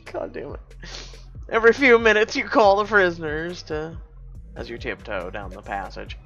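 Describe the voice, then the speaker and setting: A streamer reads a choice-driven story game aloud, dropping into dry, sarcastic side comments along the way. The recording is dull and lo-fi. Soft game music plays underneath. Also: medium pitch, lively intonation, normal speed. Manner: wry, sarcastic asides and laughter.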